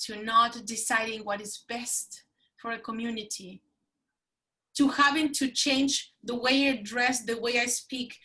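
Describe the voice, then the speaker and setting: Bright-voiced emphatic woman with Spanish accent. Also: a little high. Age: middle-aged. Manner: animated, emphatic, repeats phrases for effect. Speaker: podcast guest, consultant. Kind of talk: casual interview talk.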